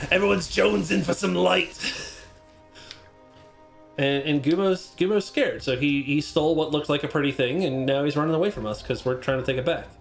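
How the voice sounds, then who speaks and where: A man's voice: fairly high pitch, normal speed, creaky, faint music behind. A man playing a game on a charity stream, casually explaining the game's mechanics and lore with many fillers. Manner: relaxed, explanatory, filler-heavy.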